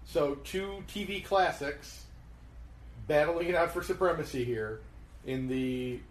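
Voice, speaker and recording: A man's voice: on the high side, unhurried. A man hosting a podcast in casual chat, moderating the rounds of a bracket. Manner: moderating, keeps things moving, mild. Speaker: podcast host running the bracket. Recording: roomy echo with faint room noise.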